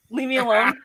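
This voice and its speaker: A young man with an American accent, a podcast guest telling a convention story with rambling, excited energy and lots of fillers. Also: very high-pitched. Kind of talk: excited casual chat.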